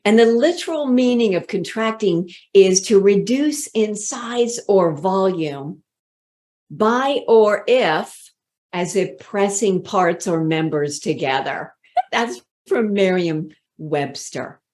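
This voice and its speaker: A woman speaking coach leading a workshop, calmly guiding listeners through pauses and breathing. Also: mid-range voice. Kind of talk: workshop talk. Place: online session, speaking to camera.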